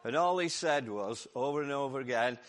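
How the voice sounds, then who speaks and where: A man with a Lancashire accent preaching a lively, jokey Easter sermon to his church while his voice goes hoarse. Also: medium pitch, fairly quick. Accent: Lancashire English. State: voice going hoarse. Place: church service.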